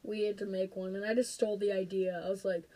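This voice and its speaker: A woman's voice: medium pitch, level tone, quick pace, warm tone, rough recording. A young woman co-hosting a podcast in casual, joking chat, often saying "dude". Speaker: podcast co-host.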